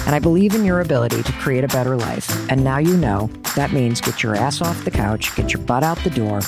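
Low-voiced woman podcast host, encouraging. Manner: warm, encouraging, playful with laughter. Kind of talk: podcast interview and sign-off.

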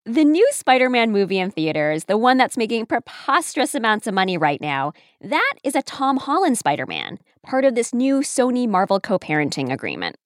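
Expressive woman narrating a podcast. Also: a little high, fairly quick, few pauses, no room sound, clean studio sound. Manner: polished, expressive storytelling. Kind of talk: scripted narration.

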